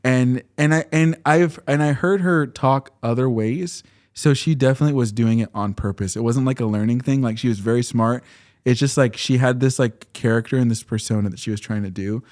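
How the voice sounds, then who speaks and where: A young man, a guest on a podcast, telling classroom stories in a laid-back, unhurried manner. He uses plenty of filler words. His voice is at a middle pitch for a man. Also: a little mellow. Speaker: podcast guest, singer-songwriter. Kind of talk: casual storytelling chat.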